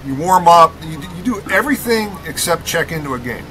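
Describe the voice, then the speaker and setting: A middle-aged man from Rockford, Illinois tells an animated story on a podcast, leaning hard on every point and tagging his lines with "okay?". His voice sits a little high for a man. The chatter of a crowd carries on behind him. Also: fairly quick, poor audio. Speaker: podcast guest, former college basketball player.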